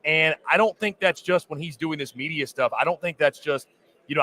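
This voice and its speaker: A man with a slightly high voice co-hosting a sports talk show. He keeps it loose and conversational and trades takes with his partner. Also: a little fast, sharp tone. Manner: conversational, loose, with fillers and restarts.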